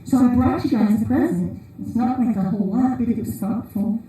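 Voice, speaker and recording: In a heavily echoing church hall, a woman gives a relaxed conference sermon built on wandering, comic stories, her voice captured from a distance. It's on the high side and dark-toned, a little fast, with a slight hiss or hum.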